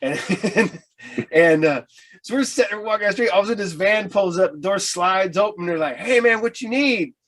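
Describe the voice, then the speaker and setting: A man's voice: high voice, brisk, fairly bright tone. Easygoing, laughing podcast host man. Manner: easygoing, laughs often, stammers a bit. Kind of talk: casual chat.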